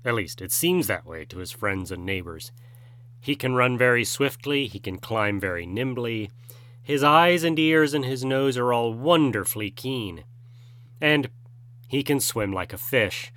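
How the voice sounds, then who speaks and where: A man's voice: mid-range voice, expressive, a little slow, fairly bright tone. Man reading a storybook aloud. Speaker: narrator. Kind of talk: scripted storybook narration.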